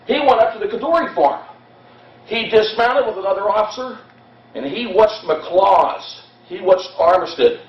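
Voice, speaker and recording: Man presenter, fairly high voice, passionate battle storyteller; distant, echoey, dull lo-fi hall recording. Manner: impassioned storytelling, shifting pace. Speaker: history presenter. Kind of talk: dramatic history talk to an audience. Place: hall at a historical society event.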